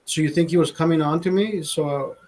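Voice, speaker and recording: Male streamer, voice a bit high, loose profane rambling, stammers and restarts, casual chat to viewers. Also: fairly quick, a little mellow, low-quality recording. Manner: laughs at own jokes. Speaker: livestream host.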